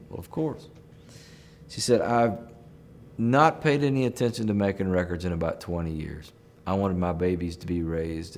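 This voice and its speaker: A middle-aged man with a drawl tells a personal story in an easygoing interview. His voice sits fairly low, and he talks in unhurried, folksy anecdotes with a chuckle here and there. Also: a little mellow. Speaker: country musician telling a story.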